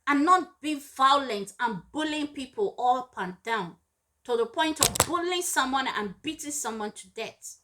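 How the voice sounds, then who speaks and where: Earnest, high-voiced woman giving parenting advice. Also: animated, measured pace, noisy background. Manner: earnest and emphatic, repeats points for weight; acts out scolding parents in raised voices. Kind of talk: direct-to-camera advice talk.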